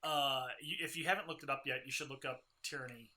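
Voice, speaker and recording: A man's voice: mid-range voice, steady tone, fast, bright, forceful tone. A man co-hosting a casual gaming podcast, giving rambling, opinionated commentary on game news. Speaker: co-host.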